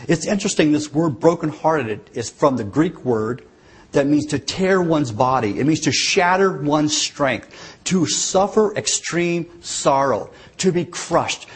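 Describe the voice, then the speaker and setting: A man's voice: fairly high pitch, expressive, unhurried, slightly rough. A man preaching a sermon, telling the story earnestly and dramatically, with changing emphasis.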